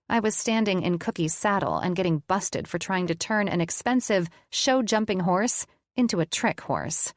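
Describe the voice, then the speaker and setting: A woman's voice: medium pitch, dry recording, studio quality. A woman narrating a romance audiobook in first person, in an intimate, confiding way.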